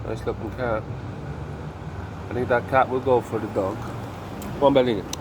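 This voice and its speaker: A man's voice: medium pitch, steady tone, normal speed. A man casually narrating to viewers while walking his dog, with wry, chatty asides and some swearing. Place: city street outdoors. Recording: street traffic noise behind.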